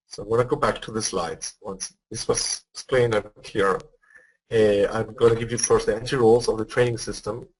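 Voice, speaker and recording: A man's voice: lowish voice, fairly even intonation, normal speed, slightly rough, rough recording. A man presenting a live trading webinar, explaining step by step, often checking whether listeners follow. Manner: explanatory, asks for feedback, repeats words.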